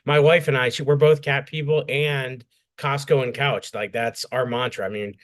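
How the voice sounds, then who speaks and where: A man emceeing a comedy show, making quick upbeat asides and introducing acts. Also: medium pitch, steady tone.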